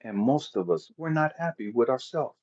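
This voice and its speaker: Male motivational speaker, raw and profane, lively pitch swings, husky, dull lo-fi sound. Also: normal speed. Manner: intense, profane, preacher-like cadence with big swings in loudness. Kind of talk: impassioned motivational monologue. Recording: dull lo-fi audio.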